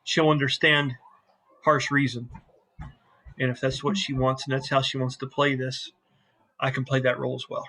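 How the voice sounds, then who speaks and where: A man doing a calm, shrewd airship leader. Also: rough recording. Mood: measured. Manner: quiet, measured, low-voiced.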